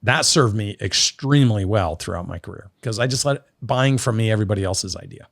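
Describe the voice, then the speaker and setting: A man's voice: fairly low pitch, fairly quick, creaky, no room sound, studio quality. A middle-aged man from Oregon, a business guest in an interview, telling stories and acting out the dialogue. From Oregon, USA. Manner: animated storyteller, acts out quoted dialogue. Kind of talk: storytelling interview.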